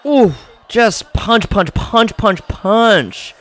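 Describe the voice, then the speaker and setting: A man with a fairly high voice and an unhurried delivery, calling out what he sees while watching a film. He keeps gasping and exclaiming, then drops into jokey asides in a relaxed, comic podcast-host manner. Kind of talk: live reaction commentary while watching a film.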